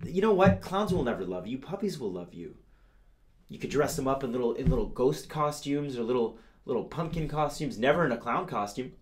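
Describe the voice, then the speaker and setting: A man's voice: medium pitch, very animated, a little fast. A man hosting a comedic news show, playful and gushing as he talks straight to his audience.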